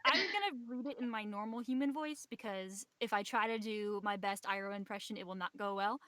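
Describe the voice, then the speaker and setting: A woman runs a tabletop game as game master, relaxed and playful as she jokes with her players. Her voice sits at an ordinary pitch. The sound is close and dry. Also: fairly quick, no room sound.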